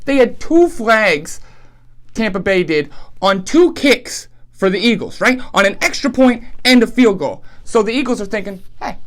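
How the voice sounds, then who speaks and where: A man rants through a football betting recap as host, heated and animated. He fires rhetorical questions at teams and fans, keeping the tone comedic and scripted. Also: high voice, moderate pace. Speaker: sports betting show host.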